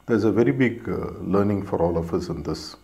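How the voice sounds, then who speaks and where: A meditation teacher talks in a reflective, storytelling way. His voice is very low, and his delivery is hesitant and peppered with fillers. He relates the story at an easy, unforced pace. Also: a little fast, vocal fry, dark tone.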